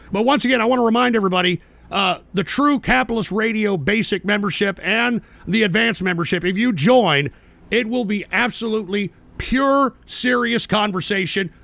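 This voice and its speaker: A man's voice: sits high, gravelly, a bit bright, dry recording. A man hosting a live-stream show, reading chat messages and answering them with profane, combative rants. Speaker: livestream radio host.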